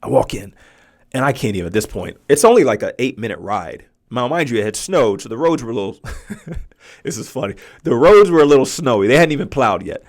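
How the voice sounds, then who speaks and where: Podcast guy telling a story, lively pitch, acts out the quotes, mid voice. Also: brisk. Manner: animated storyteller acting out quotes. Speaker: podcast host. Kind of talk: storytelling monologue.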